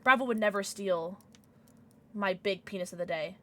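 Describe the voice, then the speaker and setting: A woman's voice: medium pitch, normal speed, fairly bright tone. A young woman livestreaming, chatting casually with her viewers, giddy and emotional, often squealing and laughing.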